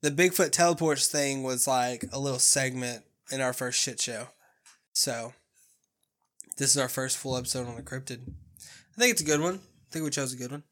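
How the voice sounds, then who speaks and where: A man's voice: medium pitch, normal speed, a bit bright. A man co-hosting a casual podcast, laid-back, swearing freely and laughing often. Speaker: podcast co-host. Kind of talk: casual chat.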